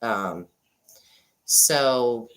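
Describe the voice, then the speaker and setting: Thanking viewers during a casual livestream chat, this woman in her forties has a bass voice and draws out her words. She talks into a sometimes-glitchy desk microphone, chatty throughout, alternating between excited and subdued.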